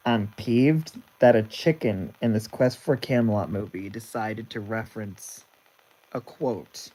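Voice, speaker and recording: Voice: mid-range voice, unhurried, mellow, poor audio. A young male livestream host chatting casually, rambling and often restarting his sentences. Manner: rambling, stop-start, with frequent restarts.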